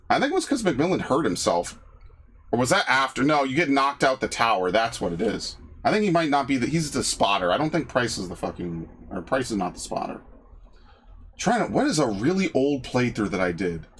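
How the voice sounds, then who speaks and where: A man's voice: mid-range voice, fairly bright tone, slight background noise. A gaming channel host in casual commentary over his old videos, loose and profane, laughing often.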